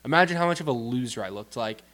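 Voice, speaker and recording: A man's voice: medium pitch, lively intonation, quick pace, a bit bright. A young man co-hosts a podcast with a friend. He rambles in loose, casual chat and often restarts his sentences partway through. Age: young adult. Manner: rambling, self-interrupting. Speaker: podcast co-host.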